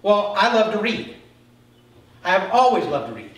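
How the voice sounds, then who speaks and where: A man's voice: high-pitched, sing-song, normal speed, fairly bright tone. A male pastor preaching a conversational sermon, acting out little dialogues as he goes. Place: church sanctuary. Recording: echoey church hall, mic far off.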